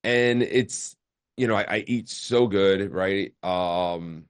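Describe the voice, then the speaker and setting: Low-voiced candid man in his forties. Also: slow, clear, resonant tone, no room sound, clean studio sound. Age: 40s. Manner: casual, repeats words while telling his story. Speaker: podcast guest, entrepreneur. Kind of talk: candid interview storytelling. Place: remote call.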